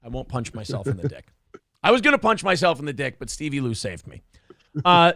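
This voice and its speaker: A man's voice: high voice, expressive, fairly quick, creaky, pushed and bright, dry recording, studio quality. A man hosting a casual podcast, telling stories animatedly and slipping into funny voices for the people in them. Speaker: podcast host.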